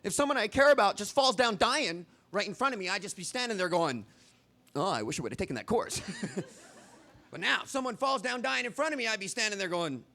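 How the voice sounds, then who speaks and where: A man's voice: high-pitched, expressive, brisk, creaky, bright, forceful tone, a little hiss or hum. A man doing stand-up comedy on stage, rambling conversationally with the audience. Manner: rambling, conversational, putting on little voices for bugs. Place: stage in front of a live audience.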